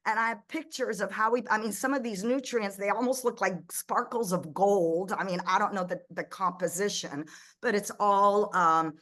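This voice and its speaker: A middle-aged woman, a ministry founder raised in the United States, telling stories as an interview guest in a lively way, often restarting her sentences. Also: mid-range voice, normal speed. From Egypt, raised in the United States. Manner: animated storyteller, frequent restarts and quoted dialogue. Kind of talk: conversational interview.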